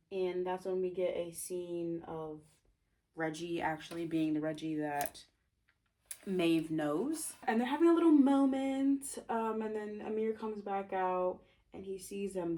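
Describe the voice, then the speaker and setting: A woman's voice: on the low side, warm tone. A young woman casually retelling the plot of her own novel, chatty and full of fillers, often breaking into giggles.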